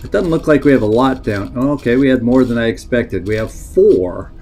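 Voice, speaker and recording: A man's voice: mid-range voice, animated, fairly quick, warm tone, soft background music. Man thinking aloud over a strategy game. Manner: thinking aloud, reading in-game text, answering chat. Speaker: streamer playing a strategy game. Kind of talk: live-stream gameplay commentary.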